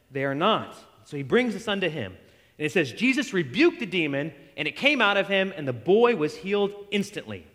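A man preaching a sermon in an animated way, acting out quoted voices and often restarting his sentences. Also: high voice, in a large hall.

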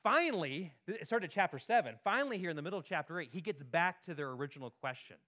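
A man's voice: fairly high pitch, animated, fast, bright, forceful tone. A pastor giving a sermon in a conversational way, often checking in with his listeners and repeating words as he goes. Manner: conversational preaching, frequent tag questions and repeated words.

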